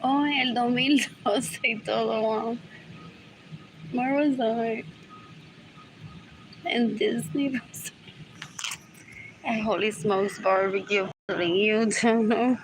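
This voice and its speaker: Speaking very slowly with frequent pauses, a woman with a higher voice and fairly even intonation hosts a solo livestream amid background noise. She meanders and mutters, repeats herself, and shifts languages mid-sentence.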